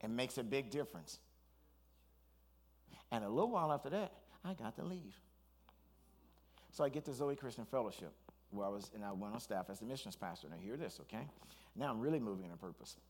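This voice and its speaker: A man, a pastor, preaching a sermon in an animated storytelling way, with asides and restarts. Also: medium pitch, fairly quick, long pauses.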